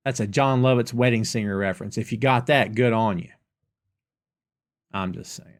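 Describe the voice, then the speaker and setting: A man's voice: medium pitch, moderate pace, pauses often. A man with a Southern US accent hosting a live question-and-answer podcast. He rants emphatically and casually, repeating lines for effect. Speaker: podcast host.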